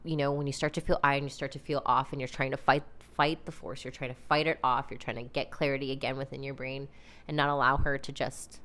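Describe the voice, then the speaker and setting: A woman hosting a podcast, telling a personal story in a casual, animated, chatty way, full of "like" and "you know". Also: extremely low pitch, quick pace. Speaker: podcast host.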